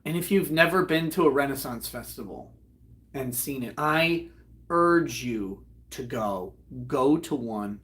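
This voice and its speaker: A man, host of a live online show, retelling a comedy act in a loud, profane, animated way and breaking into laughter. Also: mid-range voice, unhurried. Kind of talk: casual storytelling on a livestream.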